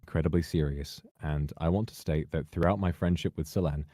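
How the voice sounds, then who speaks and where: Low dark-voiced guy reading a formal statement, careful and measured, dry sound. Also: fairly even intonation, no room sound. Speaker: person giving a public statement.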